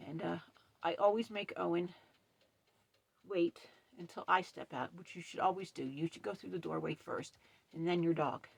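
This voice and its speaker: A middle-aged woman camp host in a casual vlog, upset and shaky, talking emphatically in a dark trailer. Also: fairly low pitch, moderate pace, gravelly, breathy edge, dry recording. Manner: upset, emphatic, retells quarrel with stern quoted lines. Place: dark trailer at night with ring light.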